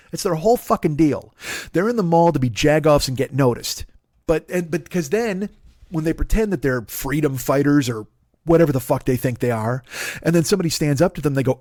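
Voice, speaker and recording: A man's voice: fairly high pitch, darkish tone, no room sound, studio quality. A man in his forties, a comedian hosting his own show, ranting with heavy swearing and mocking voices. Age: 40s. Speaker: comedian podcast host. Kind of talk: profane comedic rant.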